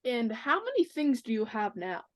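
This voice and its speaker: Female interviewer, fairly high voice, short direct questions. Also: big pitch swings, normal speed.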